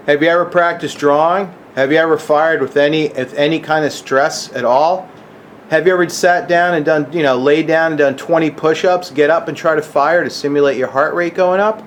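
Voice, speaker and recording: A man's voice: on the high side, brisk, slight background noise. A middle-aged man ranting angrily to camera, agitated and profane, keeps asking "okay?". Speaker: gun channel vlogger. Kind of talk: angry rant to camera.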